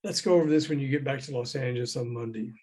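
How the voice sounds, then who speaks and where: Older man telling lively stories. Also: medium pitch, very fast. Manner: lively, acts out quoted voices, chuckles often. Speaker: guest, former record promoter. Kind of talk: anecdotal storytelling in a conversation. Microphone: remote call.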